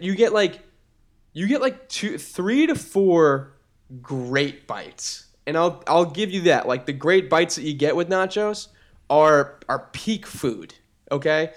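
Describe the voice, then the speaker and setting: A young man with a faint Boston accent co-hosts a podcast in casual chat. He rambles and piles on fillers, and his voice sits slightly higher than most men's. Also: takes it slowly. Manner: animated, rambling, lots of fillers. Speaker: podcast co-host.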